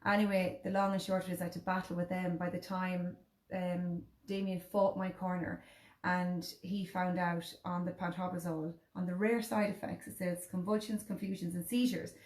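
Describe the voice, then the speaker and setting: The Irish-accented host, a woman in her thirties, shares a personal story in casual conversation, voicing the lines of others as she goes. She speaks at a normal speed in a lowish voice with little pitch movement, and the sound is roomy.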